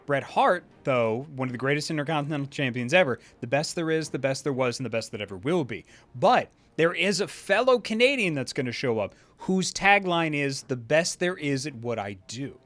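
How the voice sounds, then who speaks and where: Playful co-host, man, bright and animated, rambling asides. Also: on the high side, a little fast, hardly any pauses. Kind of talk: casual game stream chat.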